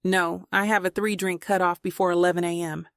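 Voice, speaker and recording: A woman's voice: lowish voice, flat delivery, a little fast, fairly bright tone, no echo, studio quality. A woman voicing a flirtatious, confident female character in an audiobook, with a teasing manner.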